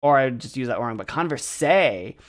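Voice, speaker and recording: American male streamer, lively swooping voice, talks his way through it, doubts himself aloud. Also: medium pitch, brisk. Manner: chatty, thinks aloud and second-guesses himself. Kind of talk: casual chat while practicing a language app.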